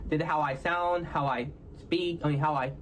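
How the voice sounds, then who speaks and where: A man from Houston with a Texan accent, speaking in halting, hard-to-follow phrases and ending nearly every phrase with "all right, y'all?". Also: a little high, steady tone, fairly bright tone, a little hiss or hum. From Houston, Texas. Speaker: content creator in a played clip. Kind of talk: casual self-explaining talk to viewers.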